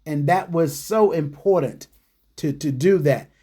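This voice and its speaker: A man hosts a radio talk show in a casual, conversational way. His voice sits a little higher than most men's, and he tells personal stories with animated restarts and fillers. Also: a little slow, breathy edge. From New York City.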